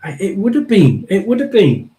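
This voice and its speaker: A man hosting a live tarot reading, rambling and emphatic, often restarting and clearing his throat. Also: sits high, wildly swooping pitch, warm tone, poor audio. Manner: chatty and emphatic, drawn-out stresses. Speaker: tarot reader and live stream host.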